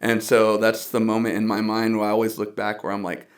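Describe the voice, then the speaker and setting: A man's voice: lowish voice, little pitch movement, brisk. A young man from the Dallas area, a guest musician in a casual podcast conversation, telling personal stories earnestly with quoted asides and laughs.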